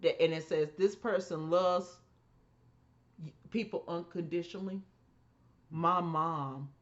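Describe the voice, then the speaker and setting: A woman co-hosting a podcast, telling family stories in an emphatic, animated way and acting out the voices she quotes. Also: lowish voice, slow, highs cut off. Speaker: podcast co-host. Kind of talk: casual storytelling chat.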